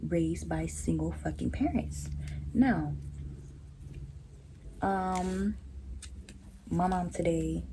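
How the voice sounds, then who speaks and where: A young woman telling a story to her vlog audience in a blunt, profane, animated way, sometimes jumping to high incredulous tones. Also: very slow, pauses often, a little hiss or hum, rough recording. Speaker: vlogger. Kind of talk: casual storytelling rant.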